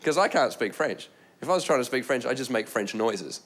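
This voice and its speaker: A man doing a stand-up comedy set, telling stories in an animated way and dropping into silly voices and mock languages. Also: medium pitch, a little fast. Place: live comedy stage.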